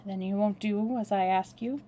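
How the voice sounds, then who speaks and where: A woman's voice: mid-range voice, fairly even intonation, normal speed, dark tone, lightly acted. A woman reading aloud, voicing a blunt young American man who drawls, speaks dryly and makes threats. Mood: taunting. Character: brash, blunt young American man, cool under pressure. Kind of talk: read-aloud novel dialogue.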